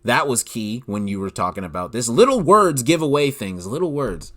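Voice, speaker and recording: A man hosting a solo commentary podcast, talking in an animated, incredulous way and filling his speech with "like". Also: medium pitch, normal speed. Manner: animated, incredulous, leans heavily on "like". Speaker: podcast host.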